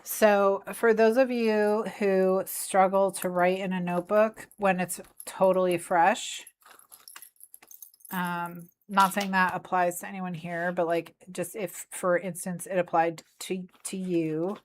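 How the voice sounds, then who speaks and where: A woman's voice: on the low side, level tone, slow pace. A woman streaming from her craft desk, chatting playfully and talking to her cat as she works. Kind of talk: casual chat while crafting. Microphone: desk mic, faceless desk view.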